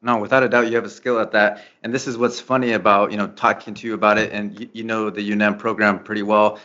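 Low, flat-voiced male host. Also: fast talker, muffled recording. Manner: relaxed, reminiscing, many fillers. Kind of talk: casual interview chat.

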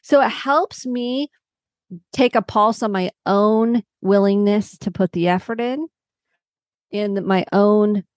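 A woman's voice: medium pitch, darkish tone, dry recording, studio quality. A middle-aged woman psychotherapist explaining coping steps as a podcast guest, walking through everyday examples. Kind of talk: podcast interview.

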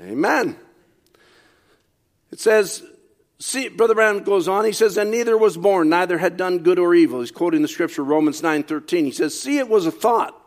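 A man preaching a sermon, reading quotations aloud and commenting on them, rising to shouts on key points. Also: sits high, expressive, normal speed.

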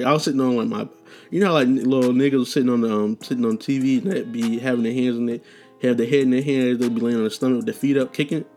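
A man's voice: medium pitch, a little mellow. Young man telling rambling profane stories. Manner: loose, profane, rambling with restarts and slang. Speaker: podcast host. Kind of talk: casual storytelling monologue.

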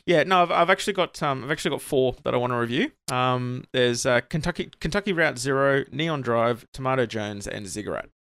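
A man's voice: medium pitch, lively intonation, brisk, hardly any pauses, a bit bright, clear, resonant tone, no echo. A man co-hosting a podcast while sick with a sore throat, joking and rambling with lots of restarts. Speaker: podcast co-host. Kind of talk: casual chat.

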